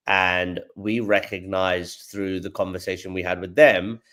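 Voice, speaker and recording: A man's voice: low voice, level tone, unhurried, a bit bright. A man from London, a guest on a podcast interview, explaining things at length with examples and often repeating words as he goes. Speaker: guest, AI company founder.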